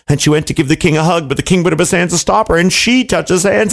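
A man telling a fairy tale to children in an animated, playful way, with asides to his listeners. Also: fairly high pitch, quick pace, creaky, hardly any pauses, faint music behind. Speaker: storyteller. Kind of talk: children's storytelling.

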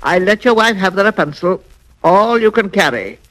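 A man's voice: high voice, lively intonation, moderate pace, a bit bright, rough recording. A man voicing a wicked old female witch who is stern and imperious, in a children's storybook record. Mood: stern commanding.

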